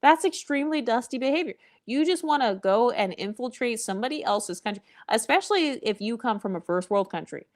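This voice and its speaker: A woman's voice: on the high side, lively intonation, fairly quick, hardly any pauses. A woman vlogger giving blunt, opinionated commentary, sassy and profane, with mocking asides.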